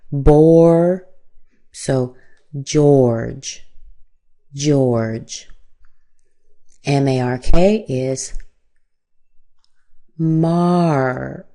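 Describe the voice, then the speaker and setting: A woman with an American accent gives a careful pronunciation lesson in a low, mellow voice. She speaks at an unhurried pace and draws out each modeled word so the vowels can be heard clearly. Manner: models words slowly with stretched vowels. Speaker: pronunciation teacher. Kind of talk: slow, deliberate pronunciation lesson.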